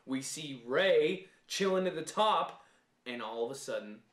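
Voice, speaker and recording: A man co-hosting a casual fan podcast, laying out his points step by step in an animated, argumentative way. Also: fairly high pitch, unhurried, roomy sound. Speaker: podcast co-host.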